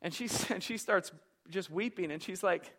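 A man preaching a sermon as pastor, telling a story with passion, swinging from hushed to loud. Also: high voice, moderate pace. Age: young adult.

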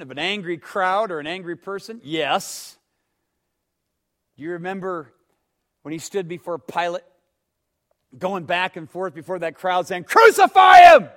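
Dramatic high-voiced male preacher. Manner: dramatic, swings from hushed to loud; asks the listeners questions. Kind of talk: sermon.

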